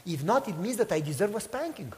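Male pastor, high-pitched, animated loud-to-hushed delivery, echoing hall. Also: fast. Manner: animated storytelling, acts out quotes, swings from loud to hushed. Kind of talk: sermon with storytelling.

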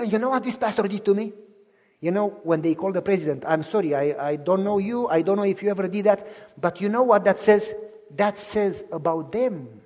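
Male pastor preaching, high voice, hushed to shouted, long church reverb. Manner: acts out quoted voices in dialogue. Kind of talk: sermon.

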